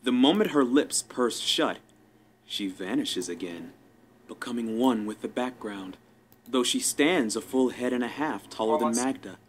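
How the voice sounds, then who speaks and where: A man's voice: medium pitch, a little slow, slight background noise. A man narrating a fantasy story in the first person, in a wry, conversational way.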